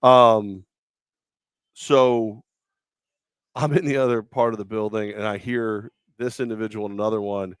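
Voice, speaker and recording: A man co-hosting a live radio show from a car dealership, telling a story loudly and casually. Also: on the low side, moderate pace, clean tone, no echo, studio quality. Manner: loud storyteller, acts out voices with shouts. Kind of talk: casual sports talk banter.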